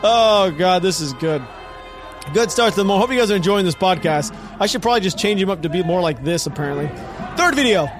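A man's voice: high voice, expressive, fast talker, over music. A man hosting a podcast, giving casual, mocking commentary with a sarcastic edge and frequent laughter. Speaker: podcast host.

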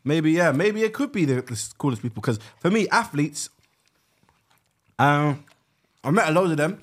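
A man's voice: fairly high pitch, expressive, moderate pace. A man co-hosting a casual podcast, talking with slangy enthusiasm. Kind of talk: casual chat.

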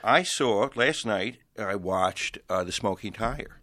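Grumpy guy on a podcast, keeps restarting his sentences, lowish voice, dry mic. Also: expressive, slow, fairly bright tone, no room sound. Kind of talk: casual chat.

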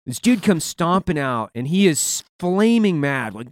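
Profane, animated male storyteller. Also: on the high side, a little slow, dry recording, clean studio sound. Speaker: podcast co-host, veteran. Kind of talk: casual storytelling chat.

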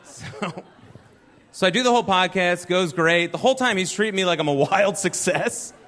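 High-voiced self-deprecating stand-up man. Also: normal speed, a bit bright, a faint crowd. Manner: self-deprecating, chatty storytelling. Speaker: stand-up comedian. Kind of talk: stand-up comedy set. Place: live comedy venue.

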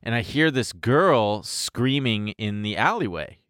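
An American man in his thirties co-hosts a podcast, telling a story in casual chat with a mid-range, unhurried voice. He's animated, laughs often, and acts out the voices of the people in his story. The recording is dry and studio quality.

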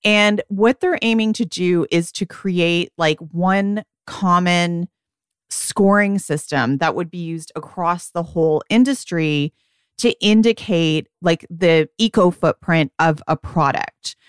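A woman in her forties, co-hosting a podcast as a beauty editor, chatting casually and often quoting herself in quick asides. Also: lowish voice, clean tone, no echo, clean studio sound. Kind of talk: casual chat.

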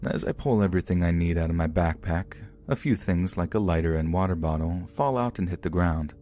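Here a deep-voiced male podcast narrator works through true scary stories sent in by others, voicing them in the first person with an even, measured tone. A little hiss or hum can be heard.

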